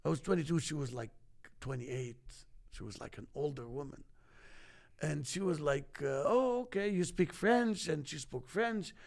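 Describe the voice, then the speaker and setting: A middle-aged man from Egypt, hosting a casual chat and telling animated stories. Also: medium pitch, normal speed, vocal fry. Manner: animated storyteller, acts out quoted voices. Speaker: host.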